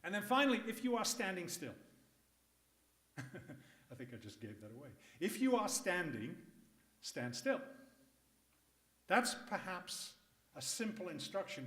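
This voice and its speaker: Animated man coaching a live room. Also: sits high. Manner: lively, emphatic, jokey asides. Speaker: public speaking coach. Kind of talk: workshop talk to a live audience. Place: conference room. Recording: echoey room.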